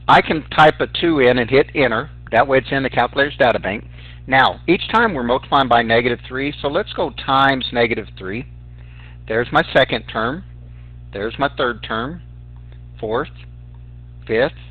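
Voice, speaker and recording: A man's voice: medium pitch, no room sound. A male math teacher walking students through sequences step by step on a calculator, talking to them directly as "guys". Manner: explains calculator steps aloud, addresses students as guys. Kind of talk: recorded math lesson. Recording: dry, tinny phone-like sound.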